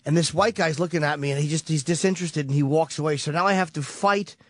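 High-voiced man telling a profane story. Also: fast, dry recording. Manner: profane, rambling, vivid retelling. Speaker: radio show regular. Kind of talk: casual radio storytelling.

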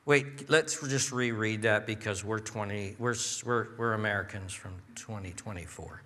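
Male pastor, emphatic sermon delivery, bright tone, long church reverb. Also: sing-song. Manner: emphatic preaching, reading scripture slowly, swinging from low asides to high exclaims. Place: church sanctuary.

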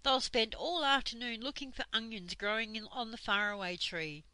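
An older woman voicing a sensible young girl in a storybook, bright and a little fussy. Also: fairly high pitch, normal speed, no echo. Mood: teasing.

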